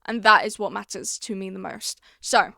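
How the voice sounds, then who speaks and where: A woman's voice: mid-range voice, moderate pace, creaky, bright, forceful tone, no echo, clean studio sound. A young woman hosting her own podcast in casual chat, confiding and chatty, acting out her own stories as she goes. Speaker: podcast host.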